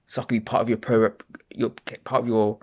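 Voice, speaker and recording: Fast, heated London man ranting. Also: mid-range voice, flat delivery, dark tone, breathy edge. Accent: London English. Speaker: vlogger. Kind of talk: angry monologue to camera.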